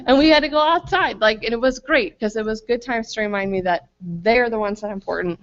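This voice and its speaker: A woman's voice: a little high, brisk. A woman in her thirties speaking at a family retreat, chatty and self-deprecating, full of fillers and asides. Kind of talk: casual faith talk with stories. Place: school retreat hall. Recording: slightly muffled lo-fi recording.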